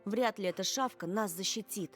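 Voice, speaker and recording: An actor voicing a quiet, troubled teenage boy in a game, with music behind. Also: brisk. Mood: brooding. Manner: low, muttered. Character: quiet troubled teen boy, older brother.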